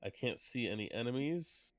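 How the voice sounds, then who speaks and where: A man's voice: medium pitch, expressive, moderate pace, dry recording. A man playing a tabletop game, announcing his turn in a hesitant, unsure way. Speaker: player.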